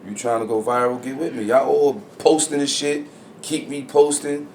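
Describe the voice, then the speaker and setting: A man co-hosting a podcast in casual chat, blunt and full of slang, getting loud and animated when he is worked up. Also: mid-range voice, moderate pace. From New Jersey. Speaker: podcast co-host. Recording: echoey room with faint ambient noise.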